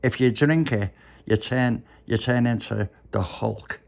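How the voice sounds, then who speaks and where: A man's voice: medium pitch, measured pace, creaky. A man voicing a cheeky, streetwise teenage lad in a homemade bedtime story, blunt and matter-of-fact.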